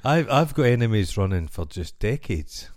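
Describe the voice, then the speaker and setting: Scottish man, podcast host, lively swooping pitch, low voice, dry close sound, animated storyteller. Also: moderate pace, no room sound. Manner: animated storyteller, acts out the other people in his stories. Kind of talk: casual chat.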